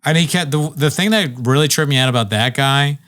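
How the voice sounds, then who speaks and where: A man's voice: fairly high pitch, brisk, fairly bright tone. Rambling young man telling stories. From Virginia. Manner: rambling storyteller, acts out quoted people. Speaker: podcast co-host. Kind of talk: casual comedy podcast chat.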